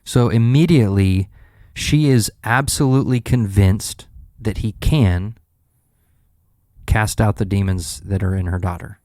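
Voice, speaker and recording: A man's voice: fairly low pitch, a little slow, no echo, clean studio sound. A man co-hosting a Bible podcast who retells scenes vividly, acting out what the people in them say. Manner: animated storyteller, acts out scenes. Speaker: podcast co-host. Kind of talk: casual Bible study chat.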